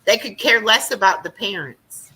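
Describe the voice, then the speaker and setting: A woman's voice: mid-range voice, lively intonation, moderate pace, sharp tone, husky, poor audio. A woman in a casual chat, talking in a reflective, hesitant way.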